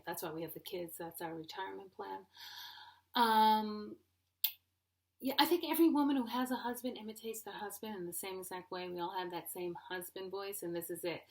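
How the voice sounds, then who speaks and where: A middle-aged woman performing stand-up comedy, animated and playful. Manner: high-energy, animated, playful.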